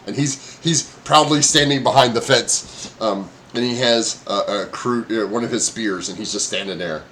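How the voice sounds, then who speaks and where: A man's voice: on the low side, normal speed, a bit bright, slight background noise. A man narrating a tabletop game as game master, hesitant with many fillers and frequent laughs.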